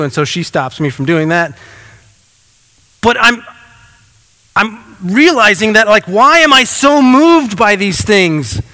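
A man's voice: high voice, animated, slow, long pauses, pushed and bright, long reverb tail. A man preaching a sermon, moving from a read passage into earnest, conversational talk with self-deprecating asides. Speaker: pastor.

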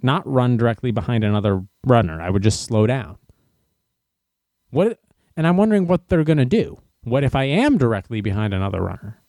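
Exasperated male vlogger, dry close sound, bouncy animated delivery, mocking tone. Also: medium pitch, no room sound. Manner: sarcastic, incredulous, exasperated. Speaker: runner venting to camera. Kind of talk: casual monologue rant. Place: indoors in a room.

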